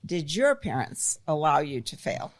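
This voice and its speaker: A woman co-hosting a parenting podcast, explaining the topic in a measured way and encouraging her co-host. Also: sits low, sing-song, slight background noise. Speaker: co-host, executive director. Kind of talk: casual conversation.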